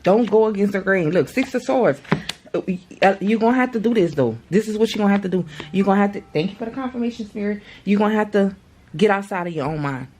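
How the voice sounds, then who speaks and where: A woman's voice: mid-range voice, lively intonation, quick pace, noisy background. A woman in her thirties doing a casual tarot reading to camera, chatty and slangy, swearing freely and talking straight to her viewers. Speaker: tarot reader.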